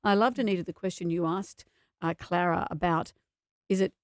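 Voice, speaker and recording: A woman's voice: fairly low pitch, steady tone, normal speed, no room sound, clean studio sound. A middle-aged Australian woman co-hosting a podcast, teasing her co-host in casual chat. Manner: teasing, playful.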